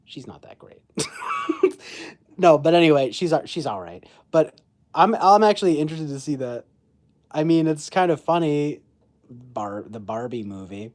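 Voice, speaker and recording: A man's voice: on the high side, lively intonation, normal speed, a little mellow. A man in his twenties chatting casually on a phone livestream, rambling with lots of fillers and self-mocking asides. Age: 20s. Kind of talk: casual chat.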